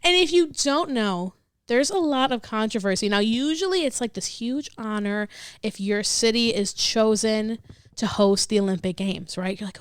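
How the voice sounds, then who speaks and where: Giggly high-voiced woman on a podcast. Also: clean tone, dry recording. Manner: giggly, quick to laugh. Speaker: podcast guest. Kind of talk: casual chat.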